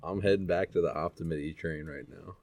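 A man's voice: low-pitched, brisk, darkish tone, dry recording. A man ranting as a sports fan on a podcast, salty and exasperated. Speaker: podcast co-host.

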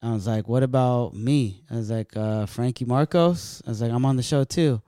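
A man's voice: medium pitch, normal speed, smooth, no echo, clean studio sound. A man from California, a stand-up comedian, telling loose, profane stories in casual chat. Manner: loose, profane, animated storytelling.

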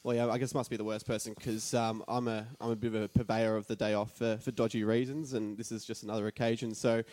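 A man's voice: fairly low pitch, little pitch movement, fast talker, a little mellow. A young man with an Australian accent and a nasal voice, hosting a casual podcast from a share house and telling rambling, self-mocking stories. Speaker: podcast host.

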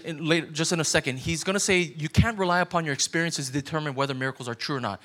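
A man's voice: a little high, a bit bright. A male pastor giving a conversational sermon, now and then acting out the doubting voices of his listeners.

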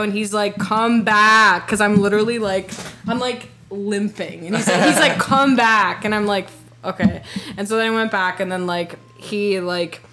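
A woman's voice: mid-range voice, a bit bright, slight background noise. Rambling young woman telling a story. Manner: rambling, peppered with "like" and swearing. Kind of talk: casual storytelling.

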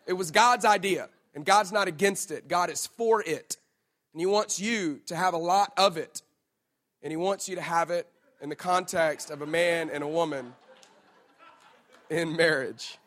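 A pastor in his thirties delivers a sermon with a bright, high-pitched voice. He is playful and teasing, talking straight to the crowd and joking with them. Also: moderate pace.

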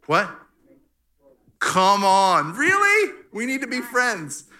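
Male church host, bright and slightly high voice, playful crowd banter. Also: wildly swooping pitch, takes it slowly. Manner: playful, teasing the audience. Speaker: church speaker. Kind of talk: Father's Day church talk with crowd banter. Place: church hall.

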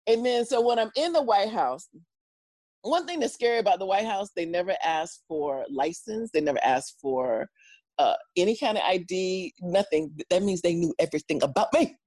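Woman guest, animated storyteller, swooping lively pitch, acts out voices, dry close sound. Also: moderate pace, no echo.

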